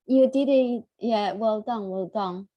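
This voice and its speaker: A woman's voice: medium pitch, no room sound, muffled recording. A woman leading an English recitation group on a video call, praising and coaching the learners. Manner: warm praise, repeats words, some pauses. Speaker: English reading group leader. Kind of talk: encouraging recitation practice.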